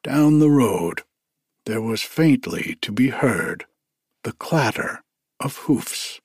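A man narrating a story in a measured, deliberate reading. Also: mid-range voice, animated, a little mellow, husky, dry recording, studio quality.

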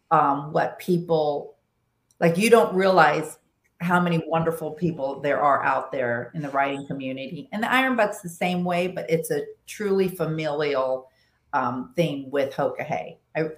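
Low-voiced woman in an echoey room. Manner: animated, restarts often, acts out quoted voices. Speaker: podcast guest, long-distance motorcycle rider. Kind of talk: casual storytelling chat.

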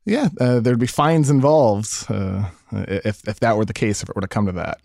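A man guest in a sports chat, measured, citing reports with some hesitations. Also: lowish voice, gravelly, darkish tone, no echo, studio quality. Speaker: podcast guest.

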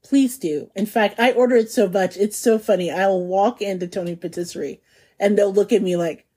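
A woman's voice: medium pitch, measured pace, long pauses, dark tone, slightly rough. A woman hosting a food podcast, chatting casually and enthusiastically, laughing often as she savors her descriptions. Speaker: podcast host.

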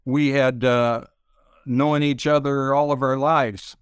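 An older man telling stories as an interview guest, halting with many pauses and fillers. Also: mid-range voice, steady tone, clean tone, no echo, clean studio sound. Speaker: interview guest, retired pitcher. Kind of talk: slow reflective storytelling.

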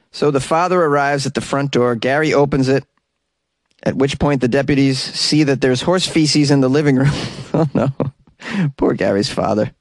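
A man's voice: mid-range voice, no room sound, studio quality. A man hosting a comedic weird-news podcast, sarcastic and laughing often at his own jokes. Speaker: podcast host.

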